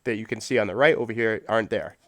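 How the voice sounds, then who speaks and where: A man's voice: on the low side, fast, no room sound. A man hosting a livestream, talking in a blunt, heated and profane casual way. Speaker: livestream host.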